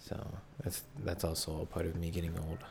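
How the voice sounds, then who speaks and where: A man's voice: low voice, completely flat delivery, brisk, gravelly, darkish tone, slight background noise. A young man in casual chat, laid-back and rambling, poking fun at himself.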